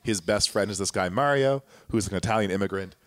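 Rambling man with a dry, lowish voice. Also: brisk, no echo. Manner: rambling, lots of restarts. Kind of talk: casual chat, storytelling.

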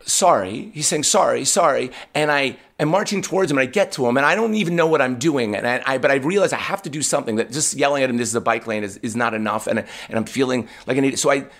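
A man guest on a podcast, telling a story about himself in a casual, animated, self-deprecating way. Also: medium pitch, racing, few pauses.

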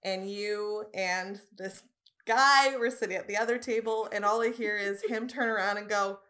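A woman with a bright, tense-edged voice tells her side of an old story. She sounds laid-back and easygoing, laughs often and pokes fun at herself. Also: medium pitch, steady tone, normal speed. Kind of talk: casual chat.

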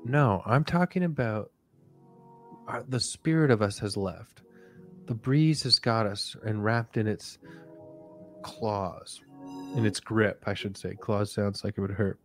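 A man hosting a podcast, rambling through a goofy, soft parody of a guided relaxation. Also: fairly low pitch, slow pace, pauses often, soft background music. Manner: rambling, goofy, softly drifting. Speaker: podcast host.

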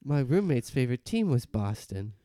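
A man's voice: mid-range voice, moderate pace, no room sound, studio quality, natural voice. A man improvising an eager, naive young clerk who boasts that he can do anything. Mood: accusing. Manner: earnest, excitable, boastful. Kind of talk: improv comedy.

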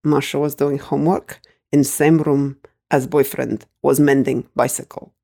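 A woman's voice: very deep voice, level tone, unhurried, gravelly, dark tone, pitched below the performer's own voice, heavily acted. A woman voicing a frail, elderly Russian grandmother with a Russian accent who speaks broken English in solemn, suspicious pronouncements.

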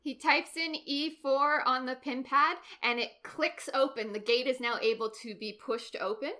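A woman narrating a tabletop game as game master, describing scenes in a calm, descriptive way. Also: high voice, moderate pace.

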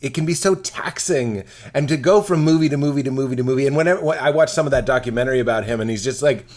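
A man's voice: medium pitch, quick pace. A man chatting casually on a podcast, swearing freely and acting out mocking impressions of other people. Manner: animated, profane, mocking impressions.

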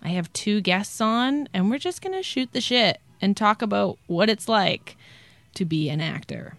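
A woman's voice: medium pitch, lively intonation, normal speed, a bit bright, dry recording. Playful woman host, dry sound. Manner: playful, laughs often, blunt. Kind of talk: casual interview chat.

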